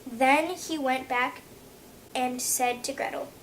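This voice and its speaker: A woman reading a fairy tale aloud, halting with frequent slips and restarts. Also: sits high, fairly even intonation, fairly bright tone, a little hiss or hum. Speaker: narrator.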